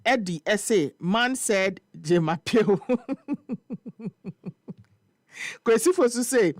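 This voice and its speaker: A Ghanaian man hosting a morning radio show, telling a story and reading listener comments in an animated, laughing way. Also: high voice, takes it slowly, pauses often, no echo, studio quality. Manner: animated, laughing storyteller mixing Twi and English. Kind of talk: casual chat reading social media comments. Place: radio studio.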